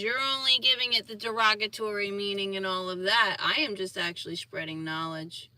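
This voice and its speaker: A woman's voice: mid-range voice, a little fast, few pauses, pushed and bright, no echo, distant mic. A woman with a Philadelphia accent talking casually on a livestream, rambling at times and turning combative and emphatic. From Philadelphia and New York. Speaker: spiritual healer streamer answering viewers.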